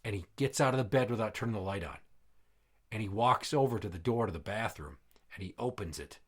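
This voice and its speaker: A man's voice: fairly low pitch, fairly quick. A man hosting a comedy podcast, telling crude old jokes in character as an exasperated, foul-mouthed dad. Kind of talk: comedic joke-telling skit.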